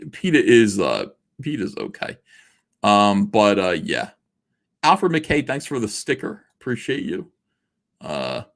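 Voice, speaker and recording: A sarcastic man in his forties chats loosely on a livestream from his basement office, his fairly low voice swinging up and down as he jokes and rambles. He is full of filler words and reacts to viewer messages in an offhand, mocking way. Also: gravelly. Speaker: livestream host. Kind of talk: casual livestream chat reading super chats.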